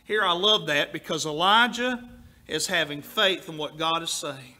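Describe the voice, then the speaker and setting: A man's voice: a little high, moderate pace, pushed and bright. A man, preaching a sermon in a folksy, storytelling way with a drawl. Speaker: pastor.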